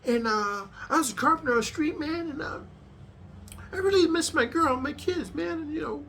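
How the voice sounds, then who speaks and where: A man's voice: moderate pace, pushed and bright, slight background noise, full character voice. A man doing a whimpering scared new inmate. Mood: pleading. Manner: high, pleading, near tears.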